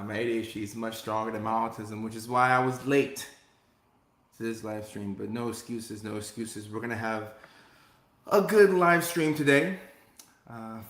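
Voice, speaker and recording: A man's voice: fairly low pitch, fairly bright tone, echoey room. A man hosting a casual live stream as a comedian, reading viewer comments aloud in an upbeat way and repeating his phrases.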